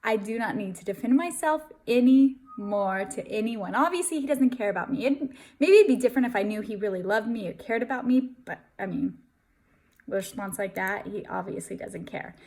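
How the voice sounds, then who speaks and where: A woman's voice: medium pitch, expressive, a little fast, a little mellow. A young adult woman giving earnest, emphatic relationship advice straight to her viewers in casual talk. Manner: earnest and emphatic, addresses viewers as you guys. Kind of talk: casual direct-to-camera talk.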